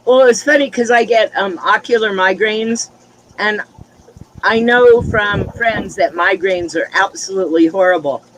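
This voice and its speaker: A man's voice: sits high, unhurried, a bit bright, slight background noise, low-quality recording. A man chatting casually on a livestream, telling frank, exasperated stories. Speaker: livestream chat participant. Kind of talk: casual group chat.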